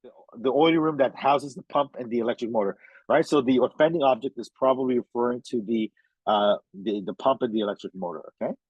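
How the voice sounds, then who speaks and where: A man's voice: medium pitch, fast, slightly rough, no echo, muffled recording. A man tutoring a reading lesson in a casual way, constantly checking in with "okay?" and "right?" as he walks through a passage. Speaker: test prep tutor.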